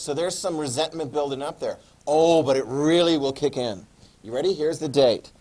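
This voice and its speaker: Male teacher, a bit high-pitched, casual classroom lecture, keeps asking students questions. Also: normal speed, a little mellow. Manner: chatty, asks the class questions. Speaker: history teacher.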